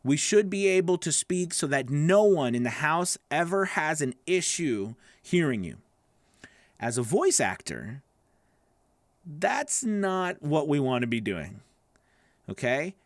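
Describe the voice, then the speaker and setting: Speaking straight to camera for his students, a voice acting coach teaches casually in a slightly nasal, gravelly voice on the high side, sing-song and slow. He rambles loosely, restarts himself, and keeps checking in with "okay? right?" The close, dry recording has no echo or room sound.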